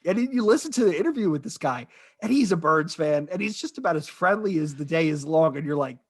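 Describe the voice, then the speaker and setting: Kinda high voiced guy hosting a podcast, chatty, keeps steering the convo. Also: expressive, fast talker, no echo, clean studio sound. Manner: chatty, steers the talk with questions. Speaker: podcast host. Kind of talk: casual podcast chat.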